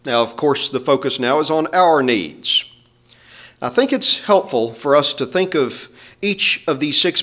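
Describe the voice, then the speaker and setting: A male pastor preaching a sermon, with emphatic, measured phrasing and quoted scripture. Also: mid-range voice, a bit bright.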